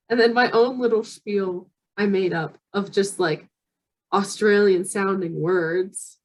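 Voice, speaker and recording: Woman, American, podcast co-host, casual chat, chatty, laughs often, husky voice. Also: mid-range voice, slow pace, low-quality recording. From United States.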